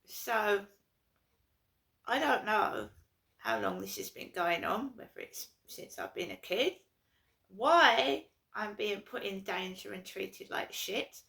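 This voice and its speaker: A woman's voice: medium pitch, sing-song, takes it slowly, creaky, bright, forceful tone. A woman from London, ranting in an aggrieved, repetitive vlog monologue. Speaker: vlogger. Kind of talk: casual to-camera monologue.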